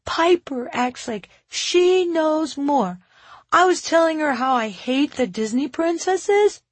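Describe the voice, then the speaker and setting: A woman voicing a petulant, sulky young boy in an audiobook, with a high childlike voice. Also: animated, takes it slowly, no room sound. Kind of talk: audiobook character voice.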